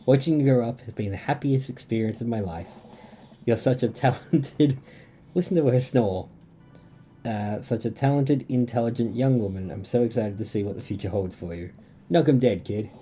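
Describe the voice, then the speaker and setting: Australian man, young, very dark mellow voice, reading game lines, faint ambience behind. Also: mid-range voice, a little hiss or hum. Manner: reads game dialogue in a plain voice, breaks off to chat and laugh. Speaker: streamer. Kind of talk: reading and voicing a dating game aloud.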